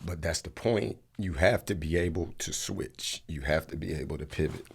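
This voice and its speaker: A man in his forties from Atlanta speaks in a very low, deep voice. He tells his story loosely and candidly in a casual interview, emotional and close to tears. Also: moderate pace, vocal fry, husky. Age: 40s. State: tearful, emotional. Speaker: interview guest, actor.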